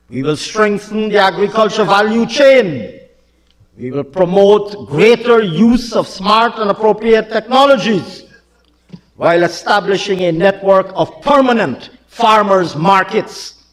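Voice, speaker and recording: High-voiced Guyanese man giving a slow, emphatic budget speech. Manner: emphatic, repeats lines, builds to shouting at the opposition. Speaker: government minister presenting the budget. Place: large parliament chamber. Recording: long reverb of a parliament chamber.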